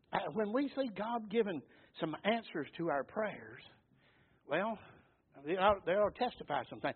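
A man's voice: sits high, slightly rough. A man, preaching a sermon in a fervent, folksy storytelling way. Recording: tinny phone-like sound.

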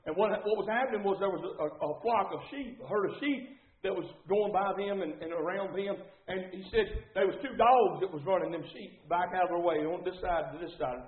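A man's voice: high voice, a little fast. A man preaching a sermon with fervor, repeating phrases and calling out to the congregation. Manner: fervent, repetitive, calls out to the congregation. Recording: echoey, tinny phone-like sound.

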